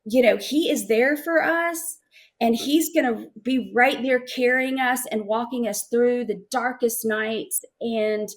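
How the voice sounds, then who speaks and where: A middle-aged woman giving an emotional personal testimony as an interview guest, halting and repeating words as she speaks. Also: a little high.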